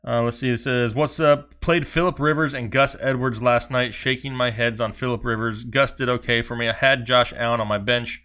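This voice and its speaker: A man co-hosting a casual live stream. He reads viewer questions aloud in quick runs and slips in dry jokes, with an easygoing chatty rhythm. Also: medium pitch, fairly even intonation, sharp tone. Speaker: fantasy football show co-host.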